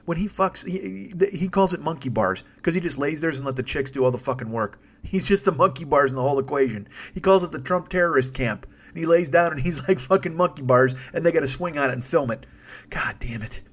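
Male solo podcaster, rapid-fire rant, sarcastic, foul-mouthed, rambling. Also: on the high side, animated. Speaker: podcast host. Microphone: desk microphone.

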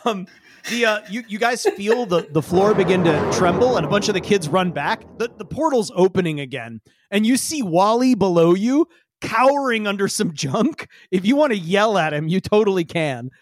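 A man's voice: high voice, moderate pace, no room sound. A man running a tabletop role-playing game as game master, narrating with many casual fillers. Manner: lively, many fillers like "like" and "kinda".

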